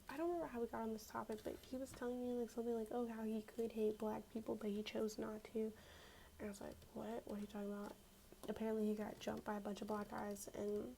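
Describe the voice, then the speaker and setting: A young woman telling a story in a soft-spoken ASMR style, casual and slangy, often slipping into a whisper. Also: on the high side, gravelly, a little hiss or hum, low-quality recording.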